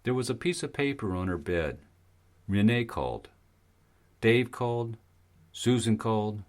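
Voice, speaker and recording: A man narrating an audiobook in a steady, even storytelling manner. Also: on the low side, unhurried. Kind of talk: scripted narration.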